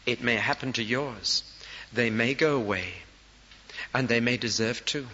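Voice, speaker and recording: Male preacher, bright forceful voice, dramatic storytelling sermon, dull hissy hall recording. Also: mid-range voice, unhurried. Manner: dramatic storytelling, rising to loud emphatic peaks.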